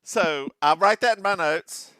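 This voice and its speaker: Campy bright-voiced man, podcast co-host. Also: a little slow, clean tone, no echo. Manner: campy, jokey, bursts into falsetto singing. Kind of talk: casual recap chat.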